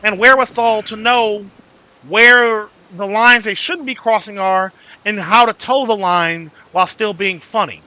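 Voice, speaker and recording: Bright, high-voiced man ranting to chat. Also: measured pace, smooth. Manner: ranting, addresses chat viewers by name; swearing freely. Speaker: livestream host. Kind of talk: casual livestream chat.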